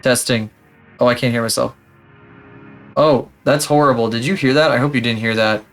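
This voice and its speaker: A man's voice: medium pitch, fairly even intonation, moderate pace, fairly bright tone, soft background music. Rambling, swearing young male streamer. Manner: rambling, profane and self-mocking. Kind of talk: casual live-stream chat.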